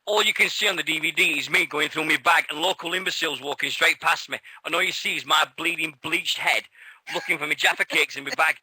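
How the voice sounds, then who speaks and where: Bright-voiced British man telling stories. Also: fairly high pitch, fast, slightly rough, no room sound, rough recording. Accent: British English. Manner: excitable, laughing storyteller who swears freely. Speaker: radio show co-host. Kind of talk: casual chat.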